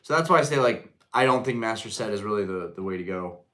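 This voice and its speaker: A man's voice: lowish voice, expressive, quick pace, pushed and bright. A man hosting a live stream in casual chat, rambling with lots of fillers while answering the chat.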